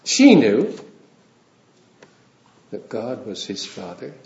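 Slow, wry male preacher. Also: lowish voice, huge pitch swings, gravelly, darkish tone. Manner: conversational, wry asides with chuckles. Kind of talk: sermon. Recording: roomy, dull lo-fi sound.

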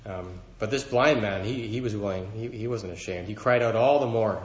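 A man's voice: fairly low pitch, moderate pace, reverberant, highs cut off. A man preaching a sermon to a congregation, earnest and building emphasis as he quotes scripture. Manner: earnest, rising in emphasis when quoting scripture.

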